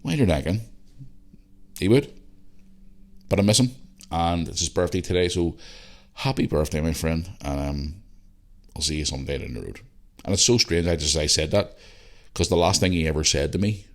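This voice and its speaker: A man's voice: a bass voice, moderate pace, long pauses. A man with a Northern Irish accent hosting a casual solo podcast, rambling and chatty, repeating himself and swearing freely. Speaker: podcast host.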